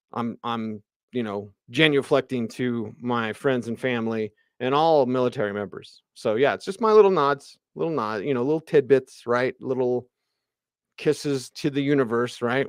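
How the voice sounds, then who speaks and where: A man hosting sports radio, ranting in an animated, emphatic way about football. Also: medium pitch, smooth, no echo, clean studio sound.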